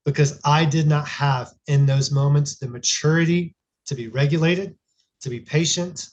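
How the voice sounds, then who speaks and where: A man's voice: on the high side, steady tone, moderate pace, muffled recording. A man in his thirties, a podcast guest, telling a family story in an earnest, reflective way with frequent restarts. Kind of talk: casual conversational storytelling.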